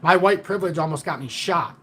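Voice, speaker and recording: A man's voice: fairly high pitch, a little fast, a little hiss or hum. Blunt, profane man telling a story. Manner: blunt and profane, animated retelling. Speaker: livestream host. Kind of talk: casual livestream storytelling.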